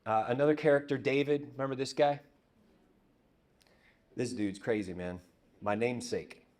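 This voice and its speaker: A man preaching a conversational sermon as pastor, telling stories and dropping to a hush on repeated words. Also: mid-range voice, normal speed. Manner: conversational, storytelling, drops to hushed repetitions. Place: church.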